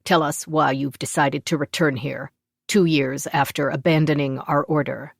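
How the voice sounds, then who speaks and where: A woman reads a stern male master sergeant of a warrior order in a fantasy audiobook. He is accusing and commanding, in a low, dry voice with no room sound. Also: steady tone, normal speed, vocal fry, no echo. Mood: suspicious.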